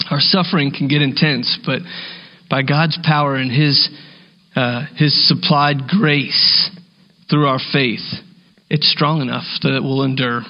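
A middle-aged male pastor preaching a sermon, swinging between soft and emphatic delivery. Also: fairly high pitch, dull audio.

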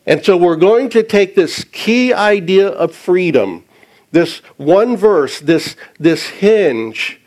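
Slow, deliberate man preaching a sermon. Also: on the high side, a little mellow, rough recording. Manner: deliberate, repeats and stresses key words. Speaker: pastor.

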